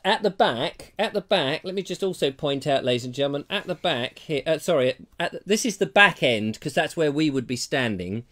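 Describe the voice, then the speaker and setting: A man's voice: on the high side, animated, fairly quick, hardly any pauses. Chatty English man hosting a comedy show. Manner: chatty, jokey, addresses viewers as ladies and gentlemen. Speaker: comedy talk show host. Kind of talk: casual live-stream chat. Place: terraced house.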